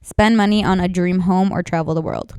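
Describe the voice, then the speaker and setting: A woman's voice: on the low side, steady tone, a little fast, darkish tone, smooth, no room sound, studio quality. A young woman hosting a podcast, telling stories in a chatty way and swearing freely. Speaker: podcast host. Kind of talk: casual chat.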